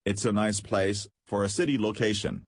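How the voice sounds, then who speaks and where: A man voicing a soft-spoken little bird. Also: fairly low pitch, fairly even intonation, moderate pace, no echo. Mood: gentle. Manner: soft, gentle, well-mannered. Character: small gentle hen bird, soft and musical. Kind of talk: audiobook character voice.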